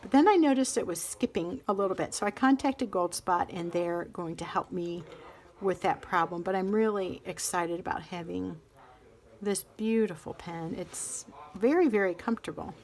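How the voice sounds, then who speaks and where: A woman's voice: on the low side, normal speed, a little mellow. A middle-aged woman casually chatting through a pen and ink review, rambling and interrupting herself as she thinks aloud. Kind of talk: casual show-and-tell vlog.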